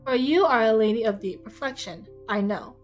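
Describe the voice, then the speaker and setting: Wry teasing old gent, read by a woman, slow and dry, faint music behind. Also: on the high side, lightly acted, low-quality recording. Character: dry, teasing older gentleman.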